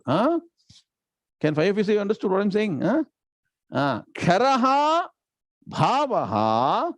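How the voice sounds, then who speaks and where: Animated high-voiced scripture teacher. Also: male voice, no room sound. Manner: keeps quizzing the class with questions; chants Sanskrit verses slowly. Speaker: Gita and Vedanta teacher. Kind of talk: scripture class lecture.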